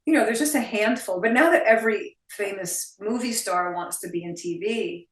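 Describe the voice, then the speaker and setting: A woman's voice: mid-range voice, normal speed, distant mic. A woman in her forties with a New Jersey accent, a guest chatting bluntly and with plenty of swearing in an interview over a video call. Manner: blunt, profane, animated. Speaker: actress guest. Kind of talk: casual interview chat. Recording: roomy sound from off-mic.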